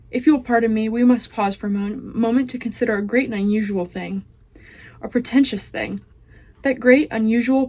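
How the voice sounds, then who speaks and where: A woman's voice: medium pitch, darkish tone. A teenage girl, a student, reading chapters of a children's novel aloud. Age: teens. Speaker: student reader.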